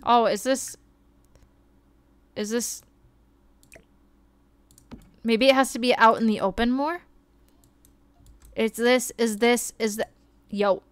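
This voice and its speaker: A young woman streaming a game, chatting excitably and gasping as she plays. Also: on the high side, slow pace, long pauses, smooth, no echo. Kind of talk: casual gameplay commentary.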